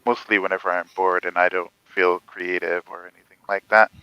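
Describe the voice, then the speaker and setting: A man in a casual panel chat, talking in a halting, rambling way with many pauses. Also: sits low, little pitch movement, sharp tone, clear, resonant tone, dry recording, muffled recording.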